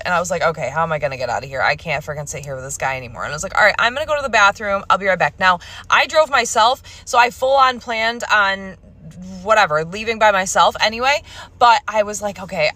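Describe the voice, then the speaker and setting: Bright, blunt young woman ranting. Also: a little high, no echo. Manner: blunt, exasperated, swears freely. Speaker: storyteller. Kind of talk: casual storytime.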